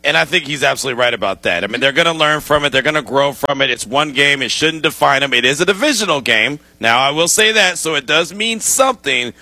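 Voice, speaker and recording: Bright-voiced male sports radio host. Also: fairly high pitch, a little fast, few pauses, dry recording. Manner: animated, joking banter. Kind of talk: casual sports talk.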